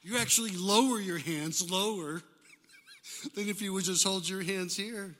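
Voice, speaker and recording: Older man, pastor, animated sermon, congregation call-and-response, reverberant church sanctuary. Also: high-pitched, a little slow. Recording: hall reverb.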